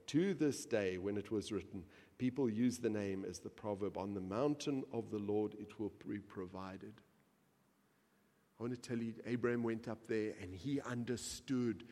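Low-voiced male preacher in a reverberant hall. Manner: builds from quiet reading to loud impassioned preaching. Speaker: pastor. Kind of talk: sermon.

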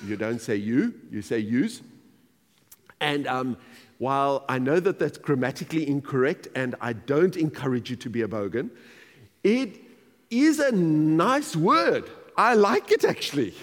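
Animated pastor preaching in a reverberant hall. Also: male voice, fairly high pitch, normal speed. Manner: animated, emphatic, repeats key phrases. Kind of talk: sermon.

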